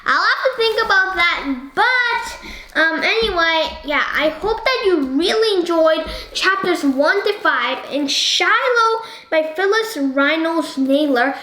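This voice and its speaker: A woman with a high voice talks through a book at an unhurried pace, rambling and turning to the listener with question after question. Her voice rings in an echoey room. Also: lively intonation, bright, forceful tone. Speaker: book discussion host. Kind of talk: casual book discussion.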